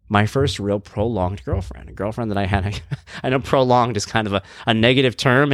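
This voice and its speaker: A man's voice: mid-range voice, no room sound. A man in his thirties hosting a podcast, telling a casual, self-mocking story and acting out the voices he quotes. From Long Island, New York. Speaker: podcast host.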